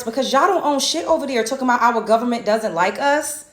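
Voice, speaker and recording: A woman's voice: sits high, fast talker, few pauses, echoey room. A woman from the United States hosting a reaction video, ranting in a blunt, indignant, profane way. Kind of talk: reaction commentary rant.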